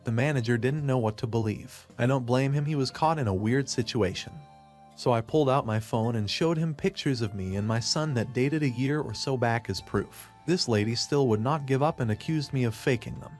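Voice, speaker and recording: A man narrating a first-person story in a plain, steady way. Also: mid-range voice, moderate pace, faint music behind.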